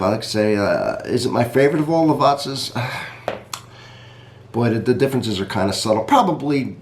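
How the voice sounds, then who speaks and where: A man's voice: fairly low pitch, roomy sound, slight background noise. A man reviewing coffee in a casual vlog, chatty and rambling, talking straight to his viewers.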